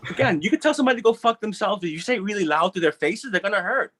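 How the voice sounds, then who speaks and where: A man speaking on a panel in a casual, animated, profane way, acting out little quoted voices. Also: high-pitched, racing, no room sound, faint music behind.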